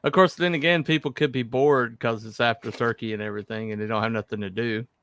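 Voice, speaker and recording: A man co-hosting a casual chat, rambling and halting, full of fillers and restarts. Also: medium pitch, steady tone, fairly bright tone. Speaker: podcast co-host.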